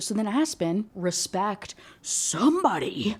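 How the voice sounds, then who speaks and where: A woman's voice: mid-range voice, animated, darkish tone. Sarcastic young woman reviewing a book. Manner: sarcastic, incredulous, quick to laugh. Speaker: book reviewer reading aloud. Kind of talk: casual ranting book review with read-aloud passages.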